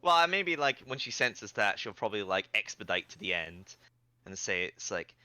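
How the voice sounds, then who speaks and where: A man's voice: fairly low pitch, very animated, moderate pace, sharp tone, clean tone, dry recording. A man playing a tabletop game, playing his character and laughing between lines. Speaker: player.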